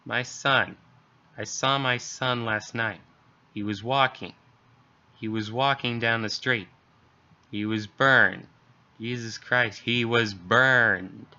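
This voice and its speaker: A man voicing a terrified mother hiding and calling the police, in a hushed, panicked creepypasta reading. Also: medium pitch, fairly even intonation, slow, pauses often, heavily acted. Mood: distraught. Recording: dull lo-fi recording.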